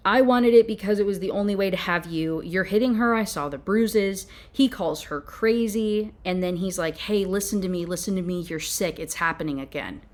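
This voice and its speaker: A young woman talks through a novel she is reviewing, reading bits aloud and then cutting in with exasperated commentary. She sounds animated and fed up. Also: medium pitch, moderate pace, hardly any pauses. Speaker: book reviewer. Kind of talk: ranting book review with read-aloud passages.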